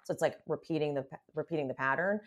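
A woman with a somewhat low voice, hosting a relaxed podcast conversation. She reacts expressively, fills pauses with steady murmurs of agreement and sometimes reads reports aloud. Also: muffled recording. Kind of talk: casual podcast chat.

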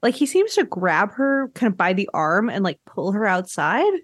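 A woman hosting a podcast, chatting casually about a reality show, animated and often laughing. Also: normal speed, no echo, clean studio sound. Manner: animated, laughs often, acts out quotes in high voices. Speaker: podcast host.

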